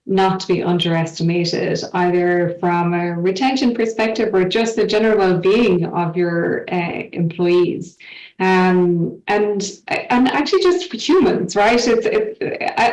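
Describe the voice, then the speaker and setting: A woman's voice: medium pitch, darkish tone. A woman on a work panel, speaking in a hesitant, reflective way with many fillers. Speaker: panel guest. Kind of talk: panel discussion. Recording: roomy, distant from the mic.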